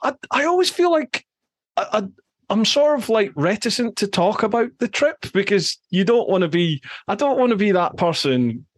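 A man's voice: sits high, moderate pace. A man co-hosting a podcast, chatting casually and bluntly, swearing as he vents. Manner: blunt, swears freely, animated rants. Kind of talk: casual chat.

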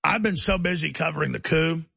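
A man's voice: fairly high pitch, fairly quick, vocal fry, pushed and bright, husky, no echo. A man hosting a talk show, delivering a heated, emphatic ranting monologue.

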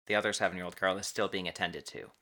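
A man hosting a podcast, recounting a true story in casual talk, pausing and stretching words for emphasis. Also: sits low, fairly even intonation, bright, forceful tone. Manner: halting, restarts and stretched emphasis on key words.

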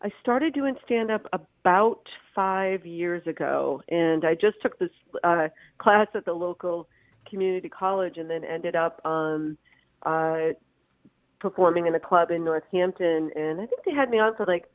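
A woman's voice: fairly low pitch, a little slow, no room sound. A woman comedian calling into an interview, rambling with lots of fillers and frequent laughs. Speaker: comedian guest. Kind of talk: phone-in interview. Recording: tinny phone line.

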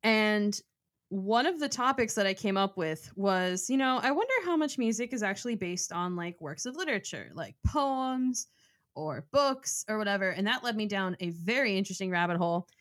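A woman's voice: medium pitch, lively intonation, moderate pace, a bit bright. A young woman in her twenties co-hosting a podcast, chatty and self-mocking, laughing often. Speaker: podcast co-host. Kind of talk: casual chat.

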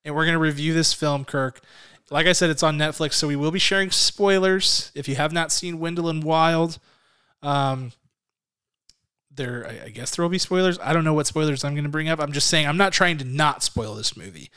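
A man's voice: fairly high pitch, normal speed, bright, forceful tone, clear, resonant tone. A man in his thirties co-hosting a podcast in casual chat, chatty and self-deprecating, laughing often. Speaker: podcast co-host.

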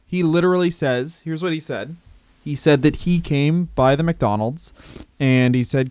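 A man's voice: fairly high pitch, a little slow, a little mellow, clean tone. A male comedian co-hosting a podcast, telling a rambling story with laughs and swearing. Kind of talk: casual comedic chat.

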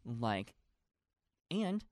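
A man's voice: medium pitch, big pitch swings, drawn-out words, darkish tone, no room sound, clean studio sound. A man in a casual chat, a stage actor talking at length, gushing and rambling with lots of fillers.

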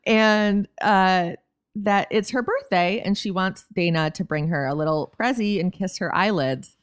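A woman's voice: mid-range voice, a little slow, smooth, no room sound, studio quality. A woman co-hosting a podcast, recapping a TV episode in casual, wry chat. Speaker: podcast co-host.

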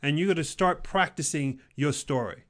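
Intense motivational man, loud then hushed. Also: moderate pace. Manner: intense, emphatic, repeats lines for emphasis; swings between loud exhortation and low, quiet intensity. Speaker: career motivational speaker. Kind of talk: motivational pep talk.

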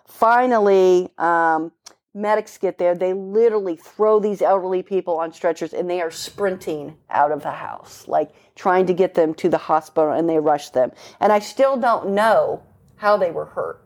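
A woman's voice: on the low side, normal speed, a little mellow. A middle-aged woman, a police officer, telling a story in an easy conversational way. She talks bluntly and emphatically, throws in casual swearing, and paints each moment vividly.

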